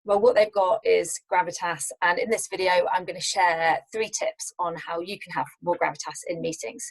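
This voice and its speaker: A young adult woman coaching on public speaking, her voice sitting a little low for a woman. She talks to camera in a measured, deliberate way and closes her sentences on firm downward endings. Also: fairly even intonation, low-quality recording. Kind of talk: scripted tips to camera.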